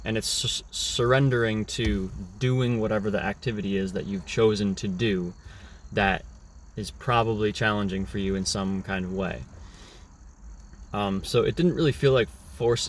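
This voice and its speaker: A man's voice: lowish voice, moderate pace, a little hiss or hum. A young man talking through a casual, rambling reflective monologue, often restarting his words. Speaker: vlogger.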